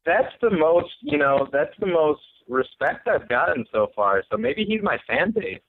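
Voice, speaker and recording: A man's voice: on the high side, very animated, a little slow, dry recording. A young man, a guest musician, telling a story in a laid-back, amused way with some swearing. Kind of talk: casual storytelling. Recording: tinny phone line.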